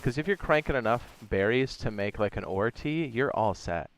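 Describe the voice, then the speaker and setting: At a moderate pace and mid-range pitch, a man chats with viewers as he streams a building game. He's easygoing and tends to ramble, throwing in slang such as "my guy" and "dog."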